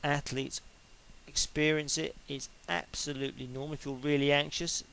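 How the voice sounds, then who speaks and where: A man's voice: a little high, level tone, normal speed, vocal fry, fairly bright tone, slight background noise, rough recording. A middle-aged man giving an informal lecture on sport psychology, chatty and explaining step by step with everyday examples.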